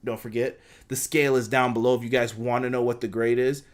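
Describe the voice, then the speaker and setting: A young man reviewing a wrestling show in a casual, slangy way, excited and briefly acting out what the wrestlers said. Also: medium pitch. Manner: excited, slangy, acts out quotes in quick asides. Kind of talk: casual fan review recap.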